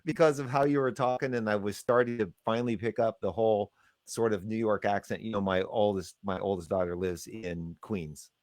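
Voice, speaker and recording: A middle-aged man hosting a casual interview, speaking in a relaxed way with short replies. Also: on the low side, a little fast. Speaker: host.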